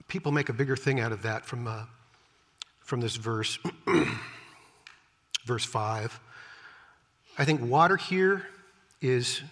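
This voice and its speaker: Husky preacher with wry asides. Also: male voice, mid-range voice, fairly bright tone. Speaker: preacher, Bible teacher. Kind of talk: conversational Bible-teaching sermon. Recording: long hall reverb.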